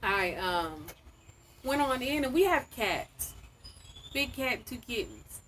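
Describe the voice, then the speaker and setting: Woman guest outside telling a story, lively and loose, bit of noise in the back. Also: fairly high pitch, slow, poor audio. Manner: animated storytelling, lively quoted asides. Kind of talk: casual chat.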